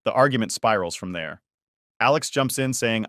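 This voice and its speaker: A man narrating a first-person family story in a steady, conversational way. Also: lowish voice, moderate pace, no room sound, studio quality.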